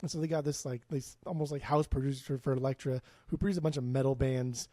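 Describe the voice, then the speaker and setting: Mellow-voiced rambling podcast guy. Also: medium pitch, fairly even intonation, quick pace, dry recording. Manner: rambling, swears freely, frequent restarts. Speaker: podcast co-host. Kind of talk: casual chat about music.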